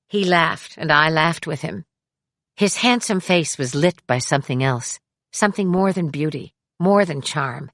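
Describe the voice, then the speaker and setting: A middle-aged woman reading her memoir aloud in a measured way, giving the quoted people raised voices. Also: low-pitched, fairly bright tone, no echo, clean studio sound. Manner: measured, acts out dialogue with raised voice. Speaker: memoir narrator. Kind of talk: audiobook memoir narration.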